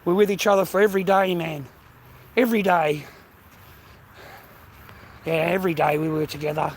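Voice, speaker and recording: A middle-aged Australian vlogger walks along a street chatting to camera, swearing and calling viewers mate and bro while breathing hard under a heavy bag. His pitch is on the high side, his tone steady, his speed normal, and faint outdoor traffic can be heard.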